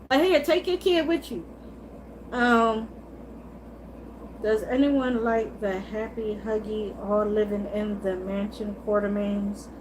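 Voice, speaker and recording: High-voiced woman gossiping on a livestream. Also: noisy background. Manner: animated, gossipy, swears freely, laughs often. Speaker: livestream host. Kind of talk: casual chat about soap operas, reading live chat.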